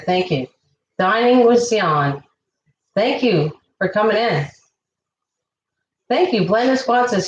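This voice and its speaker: A woman's voice: medium pitch, a little hiss or hum. Chatty woman thanking stream viewers. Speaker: livestream cooking host. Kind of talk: casual live-stream chat. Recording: echoey room.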